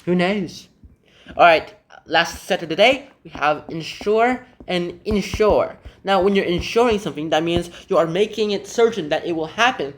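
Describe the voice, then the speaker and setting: A young man whose first language is Korean explains English vocabulary in a relaxed way, thinking aloud with hedges and asides. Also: sits high, brisk. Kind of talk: casual explanation reading example passages aloud.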